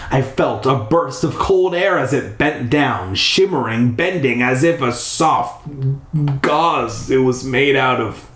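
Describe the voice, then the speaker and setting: A man reads a spooky children's book aloud from his bathtub, tossing in crude, irreverent asides. He reads slowly, with a voice that rises and falls widely. The bathroom walls give it a strong echo. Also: mid-range voice, lively intonation, fairly bright tone. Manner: irreverent, swearing ad-libs. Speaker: reader. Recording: echoey bathroom.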